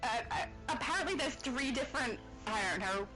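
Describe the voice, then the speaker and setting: Aussie woman streaming a game, kinda high voice, rambles a lot and laughs, game music going. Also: lively intonation, brisk, poor audio. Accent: Australian. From Australia. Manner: rambling, chatty, laughs often. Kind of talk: casual live-stream chat while gaming.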